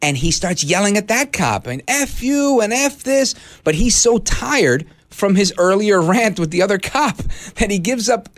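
A male talk radio host speaking into a studio microphone, indignant and animated as he tells his story. His voice sits a bit high for a man and swings widely in pitch, rising and falling with every point he makes. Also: normal speed.

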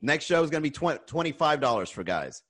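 A man's voice: fairly high pitch, sing-song, fast talker, fairly bright tone. A man hosting a live-streamed comedy podcast, chatting loosely with viewers, swearing and ranting between laughs. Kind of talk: casual chat reading viewer comments.

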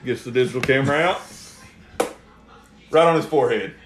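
A man's voice: mid-range voice, brisk, fairly bright tone, slight background noise. A man telling rambling, profane stories with lots of laughter on a casual podcast. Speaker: guest storyteller. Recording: roomy echo.

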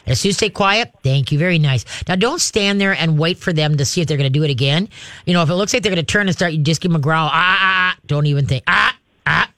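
A man's voice: on the high side, rapid-fire, dry recording, clean studio sound. A man hosting a call-in advice show as a dog trainer, talking in a folksy, homespun way. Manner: folksy, homespun, animated demonstrations. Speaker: radio dog trainer host.

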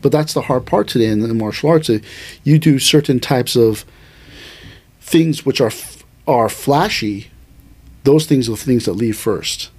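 On a casual podcast, a man who teaches a traditional martial art explains things animatedly, thinking aloud with restarts and quick asides. His voice is mid-range and slightly mellow, with a breathy edge.

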